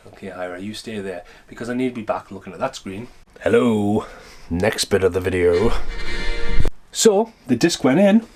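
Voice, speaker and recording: A man's voice: mid-range voice, darkish tone. A man ranting casually and animatedly in a vlog, exasperated and swearing freely. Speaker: vlogger.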